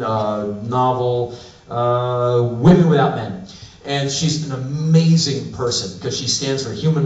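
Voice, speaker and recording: A man in his forties tells a comic story on stage in a wry, sardonic voice. He is heard from a distance in a roomy live space. The sound is dull and lo-fi. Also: mid-range voice. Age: 40s. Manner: wry, animated, sardonic delivery. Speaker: spoken-word performer.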